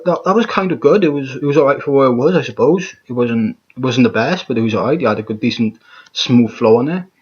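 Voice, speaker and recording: Husky-voiced man ranting bluntly. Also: medium pitch, dull audio. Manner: blunt, profane, exasperated, stumbles and repeats himself. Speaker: music reaction vlogger. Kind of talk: ranting reaction commentary.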